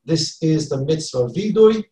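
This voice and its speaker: Earnest rabbi in an echoey room. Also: male voice, on the high side, lively intonation, measured pace, warm tone. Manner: earnest, repeats phrases for emphasis, mixes Hebrew and Yiddish terms. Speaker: rabbi teaching a Torah class. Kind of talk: Torah lecture.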